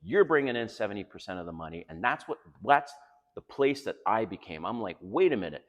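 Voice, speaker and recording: A blunt, emphatic middle-aged man holding forth to camera. His low voice swings widely in pitch as he lectures, and it rings with a long reverb tail from the room he is in. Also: lively intonation, fairly quick. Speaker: dating advice vlogger. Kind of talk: casual monologue to camera.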